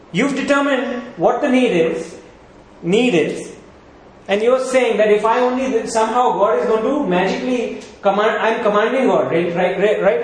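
A man preaching a sermon as pastor, asking rhetorical questions and repeating points for emphasis. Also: very high-pitched. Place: church. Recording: echoey church hall with faint noise.

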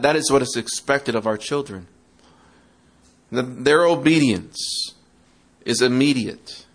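In a sermon aimed at parents, a man with a mid-range, fairly bright voice keeps things interactive, posing questions to the audience and mockingly acting out quoted excuses.

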